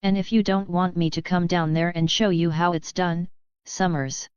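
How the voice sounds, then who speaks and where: A woman voicing a gruff, weary male mentor who growls orders in clipped words with dropped endings. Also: fairly low pitch, fairly even intonation, moderate pace, a little mellow, no echo, dull audio, lightly acted. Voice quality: rough, growling.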